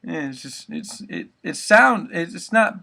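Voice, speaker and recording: Bright-voiced man, rambling and swearing. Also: a little high, lively intonation, a little slow, gravelly. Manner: loose, rambling, swears often. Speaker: vocal tutor. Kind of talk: casual spoken tutorial.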